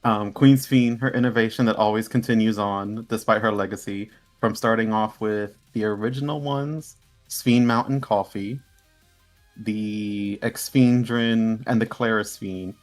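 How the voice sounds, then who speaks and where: A man's voice: fairly low pitch, fairly even intonation, a little slow, faint music behind. A man co-hosting a live stream, presenting slides in a playful, mock-formal way and often breaking into laughter. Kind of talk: casual live-stream chat.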